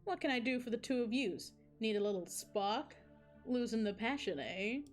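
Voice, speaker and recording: Slangy, swaggering male baby Cupid, biker greaser type, high-ish read; woman voicing. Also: lively intonation, moderate pace, faint music behind, lightly acted. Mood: teasing.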